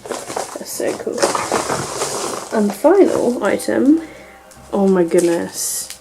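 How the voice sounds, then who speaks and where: A young British woman vlogging an unboxing and book haul, gushing and excitable, sometimes dropping to a breathy whisper of delight. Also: mid-range voice, takes it slowly, music in the background, rough recording.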